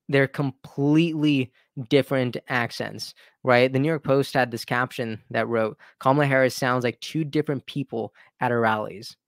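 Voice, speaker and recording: A man's voice: mid-range voice, a bit bright, clean tone, no echo, studio quality. A man hosting his own commentary channel, talking in an opinionated, conversational way and restarting his sentences. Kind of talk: casual political commentary.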